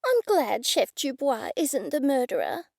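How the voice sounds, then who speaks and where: Woman voicing a gentle, placating woman sleuth. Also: sits high, huge pitch swings, a little slow, vocal fry, dry recording, studio quality, full character voice. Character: kind cheerful woman amateur sleuth.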